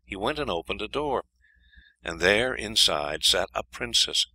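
A man reading a fairy tale aloud in an expressive, lively storytelling manner. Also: on the low side, unhurried, low-quality recording. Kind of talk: scripted fairy-tale narration.

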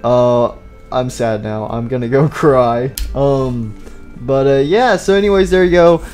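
Young male gaming host, mellow tone, rambling and jokey, mock-serious eulogies, light music behind. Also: medium pitch, measured pace. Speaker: gaming YouTuber. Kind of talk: gameplay commentary.

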